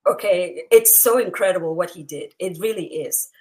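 A woman's voice: fairly low pitch, normal speed, a little mellow, a little hiss or hum, poor audio. A woman hosting a book chat, reading passages aloud and reacting with laughter and emotion. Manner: emotional, laughs often, exclaims. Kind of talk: casual chat and read-aloud.

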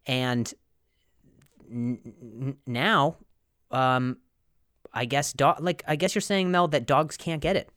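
A man with a medium-pitched, fairly bright voice hosts a podcast, speaking slowly and pausing often. His rambling, jokey monologue has him stumbling over words and laughing at his own jokes, all in casual comedic style. The audio is studio quality with no echo.

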